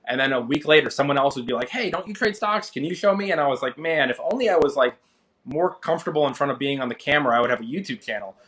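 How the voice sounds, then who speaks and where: A man in his thirties, an interview guest, telling his story in a casual, animated way and acting out what others said. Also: rapid-fire. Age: 30s. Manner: animated, acts out quoted people with rising pitch. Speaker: interview guest, finance creator.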